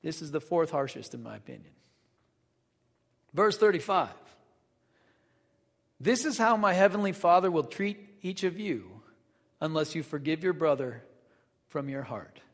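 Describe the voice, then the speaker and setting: A man's voice: on the high side, sing-song, unhurried, long pauses, big-room sound. A man reading scripture aloud and then explaining it in loose, conversational asides, like a casual Bible study teacher.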